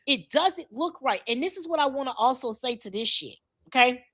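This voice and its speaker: A Miami, Florida woman co-hosts a podcast, her high-pitched, expressive voice moving fairly quickly. She launches into a blunt, profane, emphatic rant in her Miami accent.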